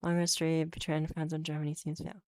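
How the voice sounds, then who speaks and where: A woman's voice: sits low, completely flat delivery, fast, a little mellow, no room sound, studio quality. A woman from Europe streaming as a VTuber, chatting casually with viewers in a rambling way, laughing often and restarting her words. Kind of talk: casual chat reading viewer comments.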